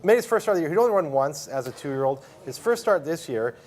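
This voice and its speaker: A man's voice: a little high, sing-song, a little mellow. A man casually talking through horse racing picks as a handicapper, rattling through each horse's form. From Canada. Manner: quick, conversational, fast breakdown of form.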